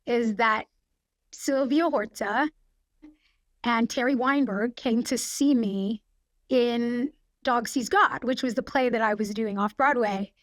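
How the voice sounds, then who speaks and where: Woman in her 40s telling a story on a podcast, kinda high voice, talks fast and chatty, lots of "like". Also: no room sound. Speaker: guest. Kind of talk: casual anecdote telling.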